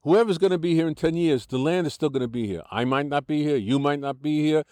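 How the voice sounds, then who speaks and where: A man's voice: a little high, fast, a little mellow, no room sound, studio quality. An older man with an American accent, explaining and arguing his views in a conversational interview, often restarting his sentences. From United States. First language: English. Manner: argumentative, explanatory, frequent restarts.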